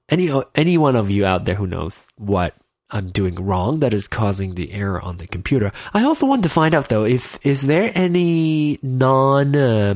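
A man's voice: medium pitch, no echo, clean studio sound. A man hosting his own podcast in casual solo talk, his nose stuffed up, rambling and often losing his train of thought. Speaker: podcast host. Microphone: in-ear headphones with mic.

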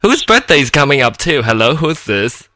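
Animated giggly podcast host, thirties man. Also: medium pitch, moderate pace, no echo. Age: 30s. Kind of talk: casual chat.

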